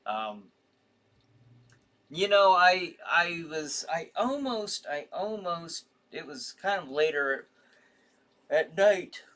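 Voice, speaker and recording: A man's voice: fairly high pitch, big pitch swings, slow pace, long pauses, sharp tone. A tired man hosting a casual horror livestream, reading viewer comments and rambling with frequent restarts.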